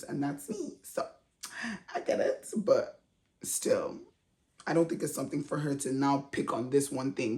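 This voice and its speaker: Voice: mid-range voice, a little mellow. A reality TV recap vlogger talking in a casual, slangy, chatty way with frequent laughs. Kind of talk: casual commentary.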